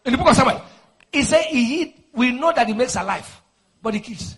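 A male preacher delivering a fiery deliverance sermon, his voice husky and pitched high. He swoops widely in pitch, bursting into shouted declarations and then dropping low to explain. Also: animated, brisk. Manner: shouting, forceful declarations, swings to low intensity.

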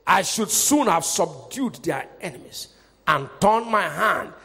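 Man, pastor, fervent sermon, shouts and hushed asides, lively pitch, hall reverb. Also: unhurried, creaky, breathy edge, faint music behind.

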